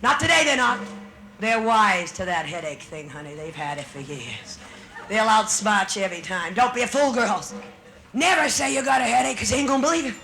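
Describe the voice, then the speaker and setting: A woman's voice: medium pitch, expressive, fairly quick, bright, forceful tone, soft background music. A middle-aged woman comedian doing a bawdy live stand-up routine on a nightclub stage, teasing the audience with brassy banter.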